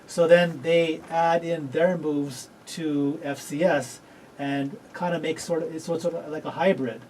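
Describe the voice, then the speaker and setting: A man's voice: on the high side, fairly even intonation, a little slow, a little mellow. A man hosting a talk radio show, rambling and correcting himself as he goes. He laughs easily and keeps the talk loose. He sounds a bit distant, with a faint hiss behind him. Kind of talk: casual radio talk interview.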